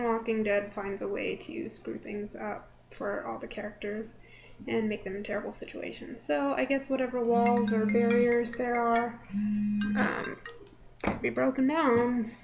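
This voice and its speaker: A woman's voice: a little high, creaky. A young woman vlogger casually recapping a live event she watched, chatty and full of filler words. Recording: slightly dull lo-fi audio with faint background noise.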